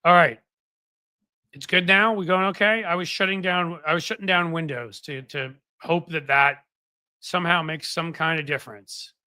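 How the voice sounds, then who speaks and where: A man's voice: on the high side, steady tone, moderate pace, pushed and bright, no echo. A man hosting a casual political live stream, chatting to viewers in a rambling, easygoing way. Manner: rambling, chatty, many fillers and restarts. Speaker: political commentary host. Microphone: desk microphone.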